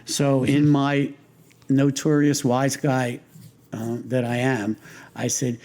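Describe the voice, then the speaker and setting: A man's voice: fairly high pitch, takes it slowly, a little mellow. An older man being interviewed, telling long stories in a rambling, amused way, often restarting his sentences. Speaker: interview guest. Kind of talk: casual storytelling interview.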